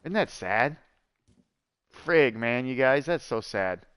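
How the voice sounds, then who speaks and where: A man telling stories while he streams a game, chatty and rambling, full of fillers and asides to his viewers. His voice is smooth and clear at an ordinary pitch. The sound is close and dry. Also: expressive, slow pace, fairly bright tone, dry recording. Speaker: gaming streamer. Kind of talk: casual storytelling while gaming.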